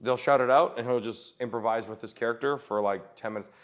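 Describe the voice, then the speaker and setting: A man, a comedian talking casually as a podcast guest and acting out quotes as he tells stories, swearing often. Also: mid-range voice. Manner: swearing, quick storytelling with acted-out quotes.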